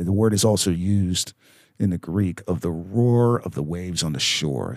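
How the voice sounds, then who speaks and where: Male pastor, low voice, chatty sermon delivery, dry close recording. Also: creaky, a little mellow, dry recording. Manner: conversational preaching with fillers and tag questions.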